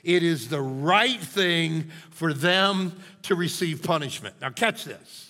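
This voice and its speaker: A male pastor preaching a sermon in a church sanctuary, emphatic and animated, often checking in with his listeners. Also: on the high side, slow pace. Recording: long hall reverb.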